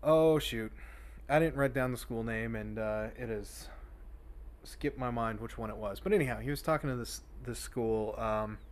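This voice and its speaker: A man's voice: medium pitch, normal speed. A man hosting a casual chat show, rambling with many fillers and restarts. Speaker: podcast host.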